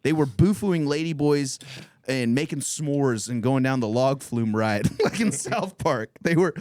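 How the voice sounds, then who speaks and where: A man in his thirties rambles through a crude comic story, swearing freely and breaking into laughter mid-sentence. His voice sits at an ordinary middle pitch, recorded dry and close on a podcast mic. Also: dry recording. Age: 30s. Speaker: podcast host.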